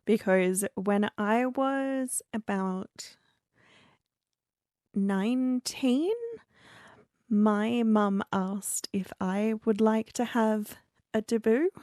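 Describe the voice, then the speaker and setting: A young woman co-hosting a podcast, telling stories in a chatty, animated way with lots of "like". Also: mid-range voice, takes it slowly, long pauses, dry recording, clean studio sound. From Australia. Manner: chatty, animated storyteller with fillers like "like". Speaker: podcast co-host. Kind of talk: casual chat.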